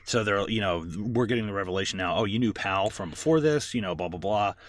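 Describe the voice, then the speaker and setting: A man's voice: lowish voice, quick pace, dry recording. A man co-hosting a casual movie podcast, rambling through plot recaps with lots of fillers and swearing. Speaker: podcast co-host.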